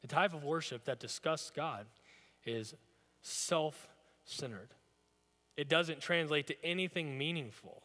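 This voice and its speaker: Male pastor, bright, forceful tone, slightly higher voice, casual storytelling sermon, long church reverb. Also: measured pace. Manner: conversational, storytelling preaching. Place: church sanctuary.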